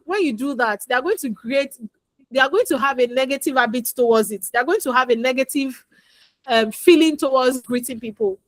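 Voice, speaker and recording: A woman's voice: high-pitched, fairly quick, dry recording. A woman coaching parents in a chatty talk full of stories, repeating her advice and acting out little dialogues. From Nigeria. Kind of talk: instructional talk with anecdotes.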